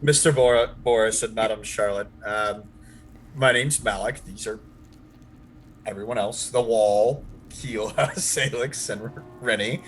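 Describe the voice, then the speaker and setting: Slow, hesitant man playing a tabletop game. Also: fairly low pitch, soft background music, low-quality recording. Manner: hesitant, laughs easily. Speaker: player.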